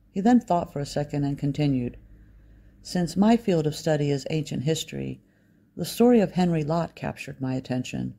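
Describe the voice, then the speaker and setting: A man reading an audiobook as a first-person narrator, wry and measured. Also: fairly high pitch, vocal fry, dark tone.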